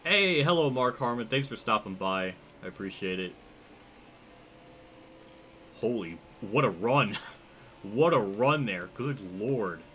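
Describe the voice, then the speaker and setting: A young man streaming a racing game, chatting casually and reacting excitedly while reading his chat. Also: fairly low pitch, slow pace, pauses often, slight background noise. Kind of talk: live gameplay commentary.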